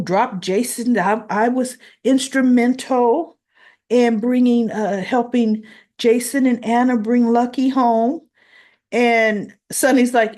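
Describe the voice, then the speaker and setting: A woman with a somewhat high voice talks slowly and chattily, recapping a soap opera episode. She quotes the characters' lines in her own voice, with the odd laugh along the way. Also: a little mellow. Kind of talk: casual recap of episode, retelling scenes.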